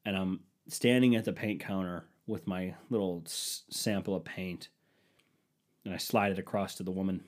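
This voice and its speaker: A man's voice: low-pitched, moderate pace. A young man hosting a podcast, telling stories casually, swearing often and getting heated when he retells arguments. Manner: profane, animated ranting when retelling arguments. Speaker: podcast host. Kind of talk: casual storytelling.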